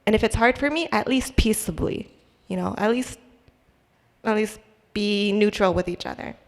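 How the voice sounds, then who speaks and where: At normal speed and in a mid-range voice, a young adult woman recounts her personal testimony to a church. She comes across as conversational and unsure, restarting often and leaning on fillers, with long hall reverb in the recording.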